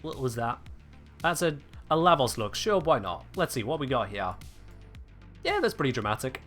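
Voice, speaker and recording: A man's voice: medium pitch, very animated, moderate pace, fairly bright tone, faint music behind. A British man chatting casually with his viewers on a game live stream, answering chat with wry humor. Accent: British English. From United Kingdom.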